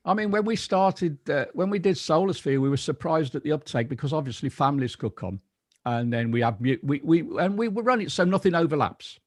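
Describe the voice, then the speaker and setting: A man's voice: mid-range voice, darkish tone, dry recording. Man, casual chat, rambling with restarts, video call, dry sound. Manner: rambling, with many restarts and fillers. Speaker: guest, astronomy radio station founder.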